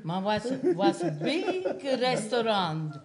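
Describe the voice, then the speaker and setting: A woman's voice: a little high, very animated, takes it slowly, crowd noise. Older woman telling a story. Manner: broken English, laughs while telling. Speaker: guest, host's mother. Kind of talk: casual storytelling.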